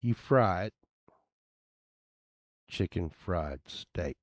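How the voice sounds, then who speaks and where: A man's voice: low-pitched, expressive, very slow, no echo, clean studio sound. A man rambling casually as he browses items online, grumbling and swearing now and then. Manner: meandering, grumbling asides, occasional swearing. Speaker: vlogger.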